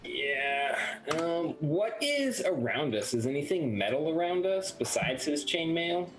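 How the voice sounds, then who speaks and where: A man playing in a casual tabletop game, slowly talking through his character's moves. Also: on the high side, sing-song, a bit bright, a little hiss or hum, poor audio. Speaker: player.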